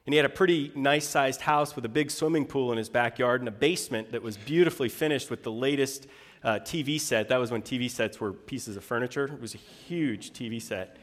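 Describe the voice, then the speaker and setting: A middle-aged man preaching a sermon in a conversational way, asking rhetorical questions and slowing down for quoted scripture. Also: medium pitch, long reverb tail. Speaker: pastor.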